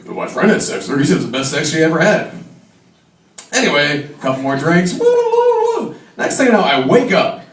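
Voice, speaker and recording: A man's voice: on the high side, lively intonation, fast talker, fairly bright tone. A young man doing his first stand-up comedy set in a bar, telling rambling stories and laughing at his own jokes. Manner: rambling storyteller, acts out friends' voices, laughs at own jokes. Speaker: stand-up comic. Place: small bar stage. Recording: echoey live room mic, from a distance. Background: crowd laughter.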